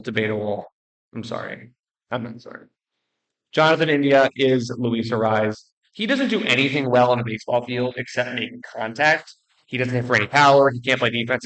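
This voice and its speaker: A young man in the middle of the male pitch range talks through his player rankings casually. He is blunt and jokey, rambles, restarts his sentences and tosses in quick apologies. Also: a bit bright, low-quality recording. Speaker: baseball video creator.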